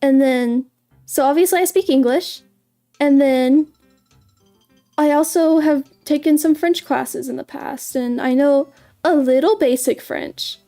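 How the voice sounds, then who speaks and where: A woman's voice: sits high, measured pace, dark tone, soft background music. A woman streaming as a VTuber in a casual livestream chat, bubbly and giggly, often stumbling and repeating her words.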